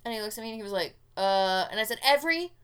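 A woman with a twang and a bright, forward voice. She tells her stories in an animated, candid way and swears without a second thought. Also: mid-range voice, racing, clear, resonant tone. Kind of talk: casual chat.

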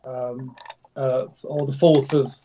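A man's voice: mid-range voice, flat delivery, slow pace, dark tone, slight background noise. Man with dull lo-fi sound. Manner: stumbling, self-deprecating, laughs at own slips. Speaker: podcast host reading an old script. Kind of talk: casual chat and reading aloud.

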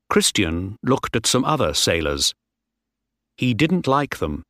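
A man reading a story aloud clearly and slowly, as in a graded-reader audiobook. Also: fairly low pitch, sing-song, a bit bright, dry recording, studio quality.

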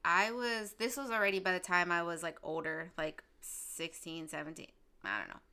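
Young woman, lower and bright voice, hesitant talker. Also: normal speed. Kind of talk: casual chat.

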